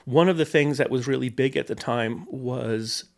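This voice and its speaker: A man who works as a film property master, telling animated behind-the-scenes stories as a podcast guest, often restarting and repeating words. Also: medium pitch, normal speed. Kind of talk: anecdotal podcast storytelling.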